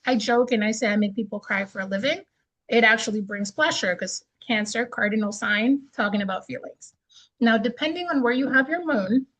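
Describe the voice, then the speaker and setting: A woman teaching a beginner astrology class in a chatty, expressive way, often checking in with "right?". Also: on the high side, poor audio. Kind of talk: casual class lecture.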